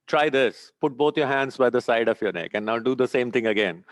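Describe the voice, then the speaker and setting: A man leading a group in a meditation and chanting lesson, speaking calmly, giving steps and checking in often with "okay?". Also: mid-range voice, a little fast, no room sound. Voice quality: sweating, a little warm. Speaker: meditation teacher. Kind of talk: guided breathing and chanting lesson.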